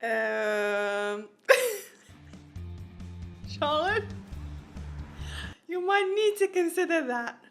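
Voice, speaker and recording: A woman's voice: high voice, lively intonation, extremely slow, pauses often, a bit bright, soft background music. A woman hosting a reaction video, chatty and laughing, talking back to the screen. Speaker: reaction channel host. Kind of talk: casual reaction commentary.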